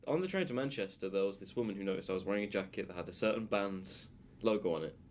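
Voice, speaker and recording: A man's voice: sits low, animated, quick pace, darkish tone, slight background noise. A young man with a Birmingham accent, co-hosting a casual chat podcast and telling a long story with many restarts. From England. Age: young adult. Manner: rambling, storytelling with restarts and laughs. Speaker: podcast co-host.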